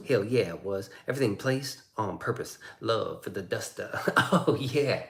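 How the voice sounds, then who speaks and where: A man's voice: lowish voice, lively intonation, moderate pace, gravelly, few pauses. Male streamer, loose and jokey, swears freely, reads chat aloud; roomy, echoey sound. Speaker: livestream host reading chat. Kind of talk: casual livestream chat.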